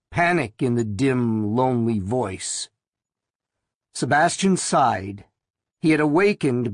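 Male narrator, slow and deliberate audiobook reading, dry close sound. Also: medium pitch, husky, no echo.

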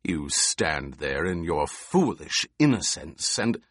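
A man's voice: rumbling low, sing-song, slow, no room sound, studio quality, voice pushed down, heavily acted. A man voicing a cruel, mocking emperor who speaks in an imperious, purring, commanding way. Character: cruel, mocking male emperor on his throne.

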